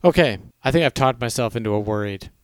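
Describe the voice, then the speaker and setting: Blunt sarcastic man, smooth dry voice. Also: medium pitch, animated, fairly quick, dry recording. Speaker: podcast host. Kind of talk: casual movie trailer chat.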